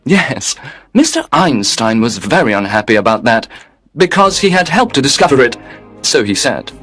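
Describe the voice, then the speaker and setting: A man's voice: medium pitch, big pitch swings, normal speed, a bit bright, faint music behind. A man playing a polite, unbending receptionist at heaven's gate, speaking formally and with detachment. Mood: calm.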